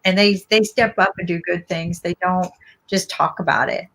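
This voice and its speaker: In a laid-back talk about politics, a woman with a Southern US accent and a fairly low-pitched voice offers her opinions with lots of energy, frequently breaking off and restarting sentences.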